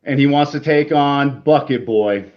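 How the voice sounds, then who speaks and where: A man's voice: mid-range voice, a little slow, muffled recording. A man talking as a live stream guest in brash, profane, combative casual chat.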